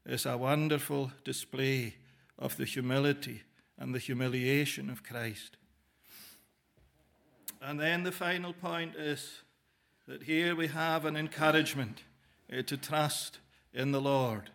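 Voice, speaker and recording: A man delivers a sermon slowly and deliberately, his voice gravelly with a touch of fry. He sits a little higher in pitch than most men and speaks in measured phrases broken by pauses. He turns often to the listeners and addresses them as "dear friend". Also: steady tone, fairly bright tone. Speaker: preacher.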